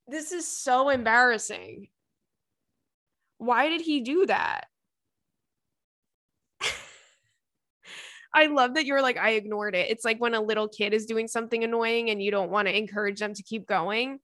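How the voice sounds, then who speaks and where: Young woman podcaster rambling and swearing, bright voice, dry close sound. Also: a little high, no echo. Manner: chatty, swearing, lots of fillers and laughs. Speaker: podcast host. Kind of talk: casual chat, reading listener emails.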